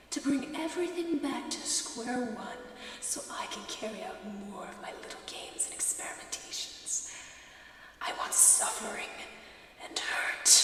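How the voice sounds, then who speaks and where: A woman's voice: a little high, sharp tone, slight background noise. A woman voicing a bored, cruel shadow spirit in a taunting whisper, as whispered role-play, in an echoey, distant recording.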